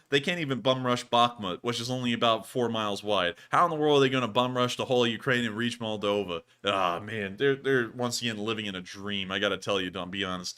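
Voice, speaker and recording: A man with a drawl chats casually on a livestream. His voice is bright and forceful even though he is sick. He keeps looping back to the same folksy thank-yous. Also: medium pitch. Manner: drawling, folksy, repeats thank-you phrases. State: sick, feeling unwell. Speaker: livestream host.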